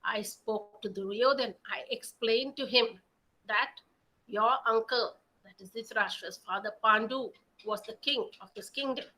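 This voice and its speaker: Woman doing a calm, patient divine lord, bright and measured. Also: a little high, poor audio. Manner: measured, explaining.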